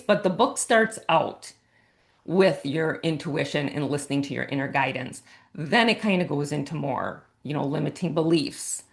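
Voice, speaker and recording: A woman's voice: deep voice, creaky. A woman coach and author talking casually in a podcast interview, explaining her ideas in an earnest, meandering way.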